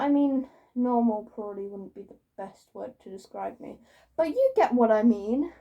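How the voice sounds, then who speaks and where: A young woman YouTuber with a slightly high voice rambles casually through a vlog monologue, swearing freely and making jokes at her own expense. The sound is lo-fi, and she seems a bit far from the mic.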